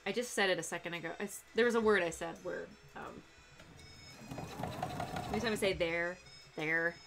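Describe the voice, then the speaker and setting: A young cosplay streamer from Texas, with a faint accent, chats casually on a live stream as she sews. Her medium-pitched voice is brisk and creaky over background music, and she rambles, breaks off mid-sentence and interrupts herself with laughs.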